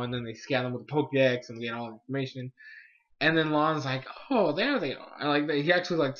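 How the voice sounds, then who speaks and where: Excitable young man, fairly high voice. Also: dull audio. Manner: excitable, rambling with fillers. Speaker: YouTube anime reviewer. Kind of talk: casual episode review.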